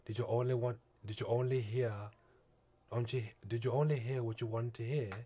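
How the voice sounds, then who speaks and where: A man's voice: mid-range voice, fairly even intonation, warm tone, natural voice. A man voicing a blunt, sarcastic otherworldly guide in an attempted Northern English accent, reading a visual novel aloud. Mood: mocking. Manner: mocking, rough, drawn-out questions.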